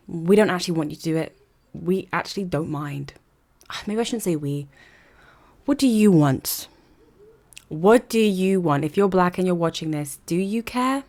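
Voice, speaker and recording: Young woman, kinda low voice, earnest chatty vlog rant, lots of rhetorical questions. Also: darkish tone. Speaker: vlogger. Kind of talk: opinion commentary monologue.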